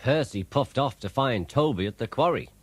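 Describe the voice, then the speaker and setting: A man narrating a children's storybook in an animated way. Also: medium pitch, normal speed, dry recording. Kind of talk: storybook reading.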